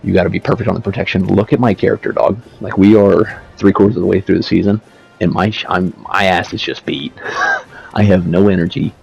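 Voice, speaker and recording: Here a gaming creator at his home setup gives loose, rambling commentary on his gameplay, cursing freely and leaning on casual slang. His brisk, low voice holds a steady tone, with vocal fry and a slightly rough edge, while faint music plays in the background. It's recorded on a slightly dull lo-fi mic.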